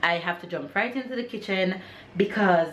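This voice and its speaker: A woman's voice: mid-range voice, normal speed, a bit bright, reverberant, slight background noise. A woman with a Jamaican accent, a mother chatting casually to the camera in her home kitchen, upbeat and motivational while she multitasks. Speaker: mother and family vlogger. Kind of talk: casual vlog talk to camera.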